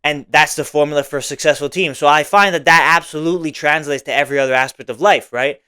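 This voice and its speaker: A man's voice: fairly high pitch, steady tone, quick pace, pushed and bright, smooth. Young man rambling with lots of fillers. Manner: rambling, many fillers like "like" and "right?". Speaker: podcast host. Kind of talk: casual solo podcast monologue.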